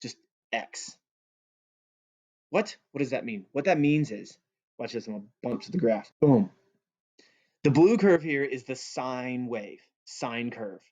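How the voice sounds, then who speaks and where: A man's voice: mid-range voice, expressive, unhurried, long pauses, a little mellow. A male math teacher giving a recorded calculus lesson in a playful, joking way. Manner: playful and goofy, jokes with students. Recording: dull lo-fi audio.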